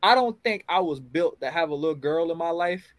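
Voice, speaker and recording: A man co-hosting a podcast, telling animated, profane stories in casual chat. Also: on the high side, fairly quick, no room sound, low-quality recording. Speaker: podcast co-host.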